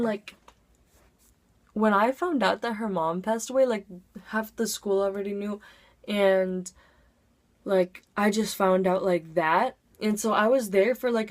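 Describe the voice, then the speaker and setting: Talking straight to the camera from what sounds like her home, a teenage vlogger chats her way through a storytime. Her pitch stays casual and even, and she fills the gaps between phrases with lots of "like."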